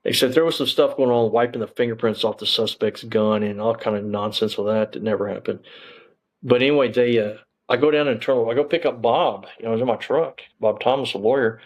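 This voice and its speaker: A former police officer, appearing as an interview guest, tells his story in a rambling way full of restarts and fillers. His medium-pitched voice is brisk, and the recording quality is low.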